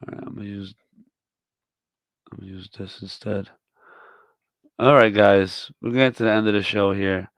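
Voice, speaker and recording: A man hosting a comedy podcast, delivering a profane, mock-scolding tirade that swings from loud to muttered. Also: on the low side, steady tone, normal speed, pauses often, dry recording. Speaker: podcast host. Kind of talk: comedic rant.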